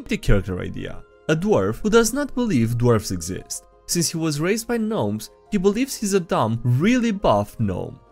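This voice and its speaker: Playful man with a lively voice. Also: a little high, breathy edge, faint music behind. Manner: playful, laughs often, quick asides. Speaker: video host reading memes. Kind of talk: casual meme commentary.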